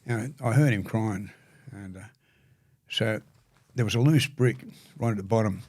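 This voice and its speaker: Older Australian male guest; earnest, stumbling storyteller, low voice, dry sound. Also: darkish tone, dry recording. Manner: halting, repeats words, gravely earnest. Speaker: podcast guest. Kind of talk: storytelling conversation.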